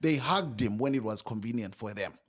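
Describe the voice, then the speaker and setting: A man's voice: mid-range voice, lively intonation, normal speed, a crowd in the background. A man co-hosting a podcast, arguing his point in casual chat, insistent and repeating himself. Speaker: podcast co-host.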